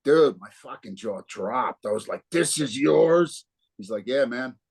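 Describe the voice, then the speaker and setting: This New Jersey guitarist, a man in his fifties, has a husky, lowish voice and a moderate pace. Appearing as a guest in a relaxed interview, he spins animated stories, voicing the characters and cursing freely.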